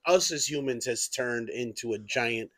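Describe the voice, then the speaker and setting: A man's voice: mid-range voice, unhurried, a bit bright, no room sound. A young man co-hosting a podcast, chatting casually, joking and swearing, with lots of "like". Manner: joking, swearing, heavy use of "like". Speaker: podcast co-host. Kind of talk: casual chat.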